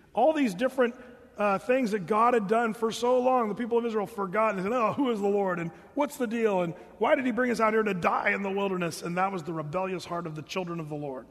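A man's voice: high-pitched, big-room sound. A middle-aged man preaching a sermon as pastor, earnest and folksy, talking straight to his congregation.

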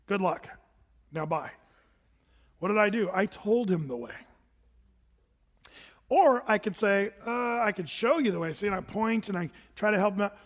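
A man's voice: sits high, animated, normal speed, long pauses, big-room sound. A pastor preaching a sermon to his congregation in a church, earnest and emphatic, often repeating himself for weight. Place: church sanctuary.

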